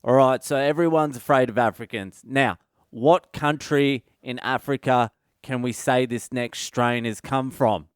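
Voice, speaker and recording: Comic, sweary sardonic monologue, smooth voice, dry close mic. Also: male voice, mid-range voice, a little slow, no room sound. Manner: profane, ranting, sardonic. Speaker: comedian podcast host. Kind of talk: solo comedic monologue.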